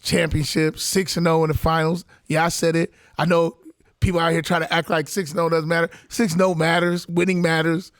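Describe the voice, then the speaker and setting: A man with a high voice co-hosts a sports chat, walking through stories and rumors one by one. He sounds close and dry, with no room around him. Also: little pitch movement, fairly quick, fairly bright tone, dry recording. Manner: storytelling, lays out points for and against, mimics voices. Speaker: podcast co-host. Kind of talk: casual sports banter.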